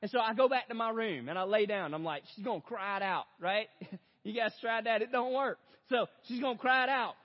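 A young adult man preaching a sermon as a story, talking straight to his listeners and swinging between loud outbursts and hushed reflection. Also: very high-pitched, brisk. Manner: storytelling, addresses audience as "you guys". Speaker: pastor. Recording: dull lo-fi sound in a big reverberant hall.

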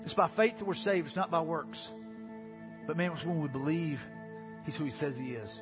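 A male pastor preaching an earnest sermon, often saying "man" and dropping to soft low tones when he makes his appeals. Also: brisk, highs cut off, music in the background.

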